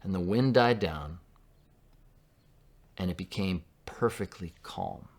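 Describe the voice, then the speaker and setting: A man with a fairly low voice delivers a sermon in an easy, conversational tone. He is from Southern California and sometimes drops to a soft hush when he quotes someone. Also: animated, slow. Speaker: pastor.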